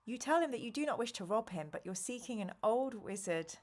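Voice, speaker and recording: A woman's voice: fairly high pitch, lively intonation, fairly quick, a little mellow. A woman hosting a live stream, reading an interactive gamebook aloud and reacting animatedly to chat and choices.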